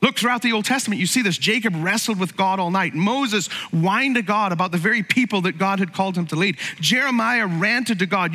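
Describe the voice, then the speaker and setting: A man's voice: high-pitched, a little fast, few pauses, sharp tone, big-room sound. A man preaching a sermon in a conversational way, repeating short phrases and asking rhetorical questions. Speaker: pastor.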